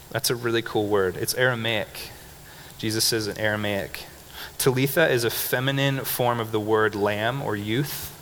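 Man preaching in a reverberant hall. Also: lowish voice. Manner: animated and conversational, laughing often, leading call-and-response. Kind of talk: sermon. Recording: reverberant hall with faint background noise.

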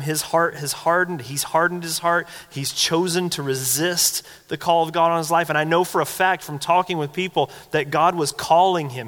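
A man's voice: fairly high pitch, a bit bright. A man pastor giving a sermon, telling stories in a conversational, earnest and reflective manner. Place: church sanctuary. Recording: long church hall reverb.

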